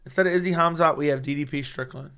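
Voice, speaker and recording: A young man hosting a casual fight-talk livestream, excitable and rambling, swearing often, with a voice he says is going hoarse. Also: a little high, quick pace. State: losing his voice. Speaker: MMA livestream host. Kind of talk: casual livestream chat reading chat.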